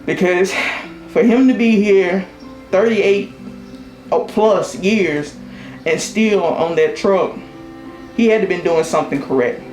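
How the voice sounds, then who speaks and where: A man giving a halting, emotional memorial tribute to a coworker, sighing between phrases. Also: high voice, darkish tone. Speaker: UPS driver and coworker. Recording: roomy echo with music behind.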